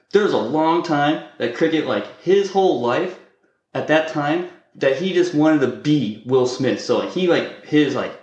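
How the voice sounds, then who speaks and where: A male podcast co-host trading jokes with a lively, swinging delivery. He laughs easily and swears offhandedly. The room around him rings with a noticeable echo. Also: medium pitch, dull audio. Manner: jokey, laughs often, swears casually. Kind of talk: casual podcast banter.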